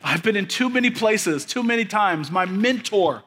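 Bright, high-voiced man preaching a sermon. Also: lively intonation, moderate pace. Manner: preaching with rising, emphatic repetition; drops to a soft, quiet storytelling voice. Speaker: pastor.

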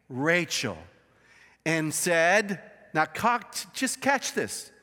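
A man's voice: sits high, big pitch swings, slow, bright, forceful tone. A man preaching a sermon as pastor, telling the story emphatically with many restarts. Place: church sanctuary. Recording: reverberant church hall.

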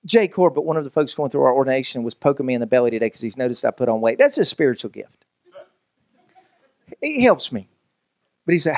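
A man's voice: mid-range voice, very animated, fast talker, no echo. A male pastor preaching a sermon in a loose, conversational way, joking with the congregation and often restarting his sentences.

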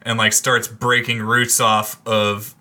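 Tabletop player, very bright sharp voice, loose chatter with fillers. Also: male voice, on the low side, level tone, slow pace. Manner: loose, filler-heavy, swearing. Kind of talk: casual tabletop game chat.

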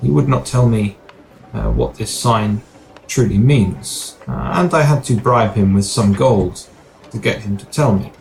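A man voicing a solemn, smug man who was once a dog, speaking in slow, grave, cryptic pronouncements. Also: lowish voice, gravelly, darkish tone, soft background music.

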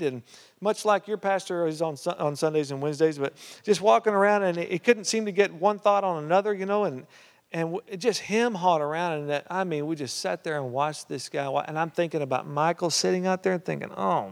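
A man preaching a storytelling sermon in a conversational way, full of "uh" and "you know", and growing animated. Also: high-pitched. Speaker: pastor. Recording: reverberant hall sound.

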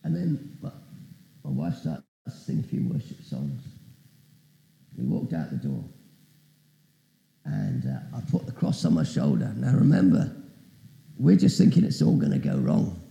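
A man's voice: lowish voice, huge pitch swings, measured pace, vocal fry, pauses often, warm tone, reverberant, poor audio. A man preaching as a guest speaker, telling a story with asides and questions to the audience. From Britain. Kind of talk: testimony sermon.

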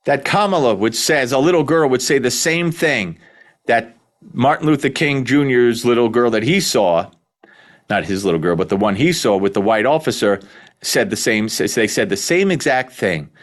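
Sarcastic, lively male talk host. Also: mid-range voice, normal speed. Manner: sarcastic, incredulous, exclamatory. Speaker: radio talk show host. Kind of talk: opinionated talk radio monologue.

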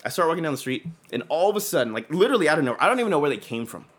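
A man's voice: a little high, very animated, very fast, a bit bright. A young adult man telling a long personal story in casual chat, rambling with lots of fillers and swearing.

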